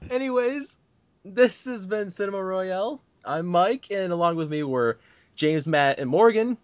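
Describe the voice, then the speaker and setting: A fairly high-voiced man hosting a movie podcast, talking in a chatty, upbeat way. The sound is dry and close, with no room around it. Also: animated, a little slow, dry recording. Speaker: podcast host. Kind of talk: casual movie podcast chat.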